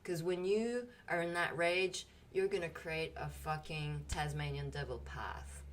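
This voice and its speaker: A woman with a somewhat low voice talks casually in a spiritual group. She tells personal stories with a lot of emotion, swearing freely and getting animated. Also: unhurried, recorded from a distance, slight background noise.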